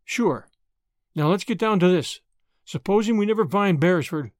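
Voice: mid-range voice, expressive, moderate pace, a little mellow, dry recording, studio quality, natural voice. A reader voicing a brash, confident young man with an American accent, blunt and persistent. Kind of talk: audiobook character voice.

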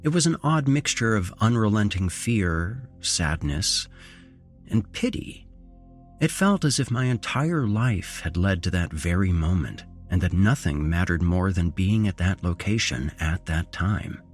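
Deep-voiced male horror narrator. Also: expressive, faint music behind. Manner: measured storytelling with dramatic rises in intonation. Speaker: host and narrator.

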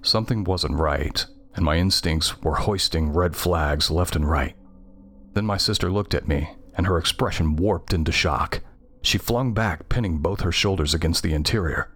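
Guy with a really low voice telling a creepy first-person horror story, steady and tense. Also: moderate pace. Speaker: narrator. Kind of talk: scripted horror story narration.

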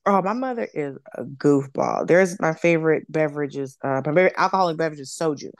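A woman comedian telling stories on a podcast, lively and blunt, acting out other people's voices and swearing freely. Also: sits low, fast talker, no room sound. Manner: animated storyteller, acts out quoted voices, swears freely. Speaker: comedian guest. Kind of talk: casual podcast storytelling.

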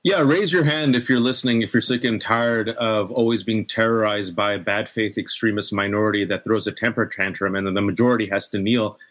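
A man's voice: on the low side, steady tone, a little fast, hardly any pauses, fairly bright tone. A middle-aged man speaking as a guest in a political discussion, impassioned and emphatic. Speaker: podcast guest.

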